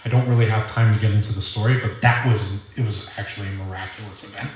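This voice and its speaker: A young man with a Rhode Island accent giving an earnest, rambling personal testimony at a recovery meeting, halting often with fillers. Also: on the low side, fairly even intonation, recorded from a distance. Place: meeting hall. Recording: roomy hall audio from off-mic.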